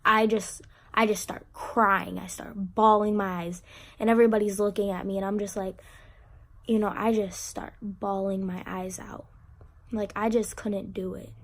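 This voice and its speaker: A teenage girl vlogger with a medium-pitched voice tells an emotional personal story to camera. She speaks haltingly, close to tears, with many fillers and restarts.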